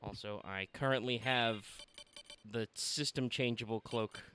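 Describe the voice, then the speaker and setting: A man's voice: medium pitch, fairly even intonation, measured pace, background noise. A young man streaming a video game, chatting casually with his viewers and swearing now and then. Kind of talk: casual livestream gaming chat.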